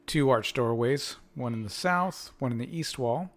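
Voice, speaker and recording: A male game master lays out each scene slowly and deliberately. His voice sits in an ordinary middle register. He talks to his players over an online game call. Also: medium pitch, expressive. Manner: slow, deliberate scene descriptions. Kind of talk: narrating a tabletop game.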